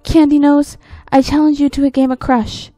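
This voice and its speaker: A woman voicing an excitable, strange young boy in a creepy story reading, with a high, overexcited delivery. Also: measured pace, no room sound. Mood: triumphant.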